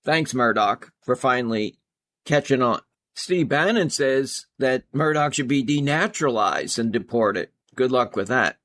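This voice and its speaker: Slow, sardonic male news commentator. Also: medium pitch, expressive, fairly bright tone. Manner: sardonic, reads headlines then adds cutting remarks. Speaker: host.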